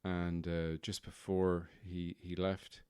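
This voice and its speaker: A man hosts his podcast in a deep, smooth voice, rambling through a casual comic monologue. He is wry and self-mocking. The sound is close and dry. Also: little pitch movement, takes it slowly, dark tone, no room sound. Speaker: podcast host.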